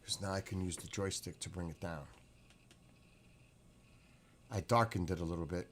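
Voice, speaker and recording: A man with a low voice and moderate pace hosts a relaxed livestream, responding to viewer comments with lots of excited exclamations and laughter. A little hiss or hum can be heard.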